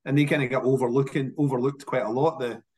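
Scottish man, casual interview guest, lively storyteller who doubles up words when he restarts. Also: mid-range voice, fast. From Scotland. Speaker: whisky industry guest.

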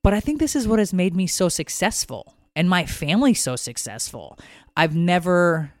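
A woman's voice: fairly low pitch, animated, normal speed, no echo. A woman co-hosting a podcast in casual chat, rambling and emotional, swearing freely. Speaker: podcast co-host.

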